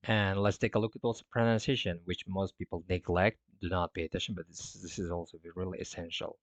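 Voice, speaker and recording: A man's voice: low voice, flat delivery, fast talker, no echo. A man teaching an English lesson in a loose, casual way, full of fillers and self-corrections. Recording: dull, dry lo-fi sound.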